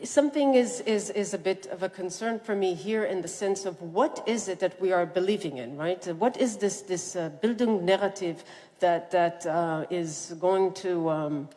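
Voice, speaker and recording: Low-voiced woman questioning in a hall. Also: normal speed, dark tone. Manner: questioning, hesitant. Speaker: debate participant. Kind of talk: public debate question. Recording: echoey hall.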